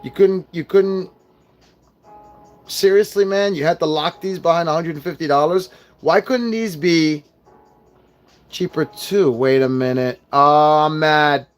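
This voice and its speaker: A young man ranting casually as he unboxes and reviews collectible figures, swearing often and venting his frustration. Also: a little high. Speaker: toy reviewer.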